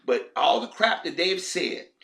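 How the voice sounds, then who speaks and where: A man's voice: high-pitched, expressive, unhurried, creaky, sharp tone. A man ranting in heated, profane commentary as a vlogger.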